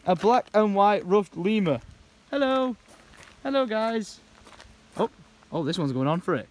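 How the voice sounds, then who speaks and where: A young man vlogging at a zoo park outdoors, talking excitedly to the animals into a handheld camera. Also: high voice, a little slow, long pauses. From England. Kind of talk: casual vlog commentary. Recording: noisy outdoor camera audio.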